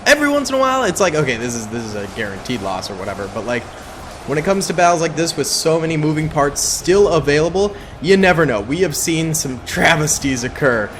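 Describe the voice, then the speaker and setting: A man giving casual, upbeat gameplay commentary on a battle simulation, chatty and excitable, with playful slang. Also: a little high, fast, background noise.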